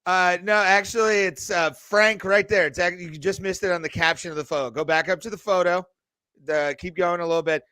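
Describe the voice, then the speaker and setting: A man's voice: high-pitched, fairly even intonation, brisk, sharp tone, clean tone, no echo, clean studio sound. A man hosting a podcast in casual, rambling, joking chat, laughing often. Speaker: podcast host.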